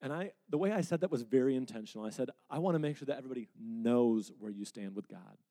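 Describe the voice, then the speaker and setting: A man's voice: mid-range voice, lively intonation, fast, warm tone. A man preaching and answering questions in a conversational, earnest way, sometimes acting out quotes. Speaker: pastor. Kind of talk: sermon Q&A.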